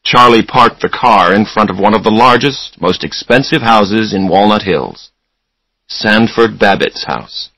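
A man narrating a story for English learners in a slow, clear reading style. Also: lowish voice, bright, forceful tone, no room sound, poor audio.

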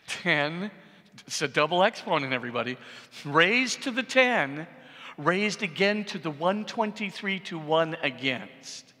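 Middle-aged priest giving a lively talk, kinda high bright voice, big echoey church. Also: male voice, measured pace. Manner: animated, repeats for emphasis, asks the audience "right?". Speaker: priest lecturing. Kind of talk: public lecture on science and faith. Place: large church. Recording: long reverb in a church hall.

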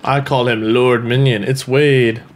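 A man's voice: medium pitch, fairly even intonation, unhurried, slight background noise. A playful young man chatting casually and joking while playing a game with a friend. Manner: jokey, playful, laughs often. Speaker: gaming YouTuber. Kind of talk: casual gameplay chat.

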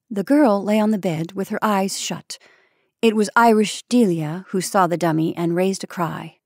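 A woman reads a story aloud in a measured, expressive way, her pitch in a middle range. The recording is dry and close, with no room sound. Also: no echo. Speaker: story reader. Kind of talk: scripted narration.

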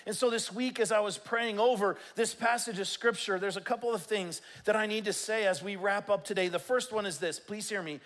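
A man's voice: sits high, a little fast, few pauses, fairly bright tone, rough recording. A male pastor preaching a sermon in a church, emphatic and calling out to his congregation.

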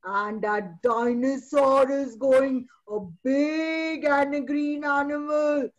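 A woman's voice: high-pitched, steady tone, slow, highs cut off. A woman, a kindergarten teacher hosting an online fancy dress show, encouraging and storytelling with drama.

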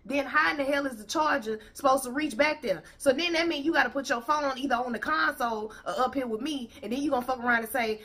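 A woman's voice: high voice, fairly quick, fairly bright tone. Profane, sassy woman commentator. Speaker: reaction video host. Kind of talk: ranting reaction commentary.

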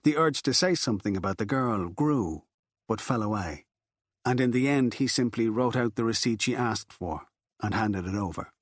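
A man narrating a literary novel in a steady, measured audiobook reading. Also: lowish voice, no room sound, clean studio sound. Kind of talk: scripted narration.

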